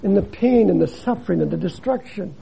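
An older man, a missionary preacher, giving a dramatic sermon that swings between loud emphasis and hushed drops. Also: high-pitched, lively intonation, a little fast, creaky, husky, rough recording.

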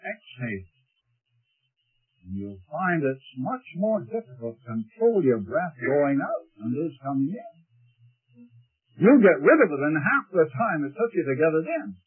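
Preacher guy teaching a class, slow and husky, voice swings up and down, thin phone-like old tape. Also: on the high side. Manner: animated, asks the class rhetorical questions; demonstrates breathing and emphasis aloud. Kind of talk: classroom lecture on speaking. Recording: tinny lo-fi tape recording.

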